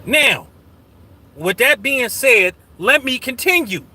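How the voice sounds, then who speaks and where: A man's voice: very high-pitched, sing-song, takes it slowly, pushed and bright, husky. A man hosting his own channel in casual livestream talk, profane and combative. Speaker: channel host.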